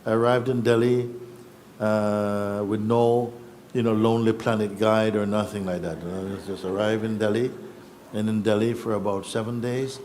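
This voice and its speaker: A man, a spiritual teacher telling his own story in a reflective, unhurried way with pauses and restarts. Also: on the low side, steady tone, darkish tone, slight background noise. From Jamaica. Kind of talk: personal storytelling.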